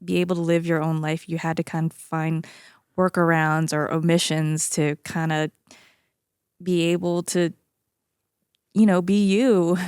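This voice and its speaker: A woman's voice: sits low, flat delivery, unhurried, pauses often, darkish tone, clear, resonant tone, dry recording, studio quality. A woman hosting an interview, asking questions and sharing her own experience while laughing along with her guest. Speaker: podcast host. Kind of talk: casual interview.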